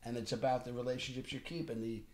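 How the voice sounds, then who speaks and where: A middle-aged man, an actor telling animated stories on a podcast. He often restarts sentences and acts out what people said. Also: mid-range voice, fast talker. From Bensonhurst, Brooklyn, New York. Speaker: actor guest. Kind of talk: casual podcast storytelling.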